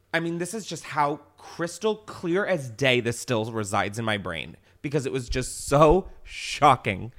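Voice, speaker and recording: A man's voice: fairly high pitch, fairly bright tone. A young man hosting a podcast, telling a story with a lot of swearing and frequent laughs into a desk microphone in a studio. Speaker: podcast host. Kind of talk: casual podcast chat, storytelling.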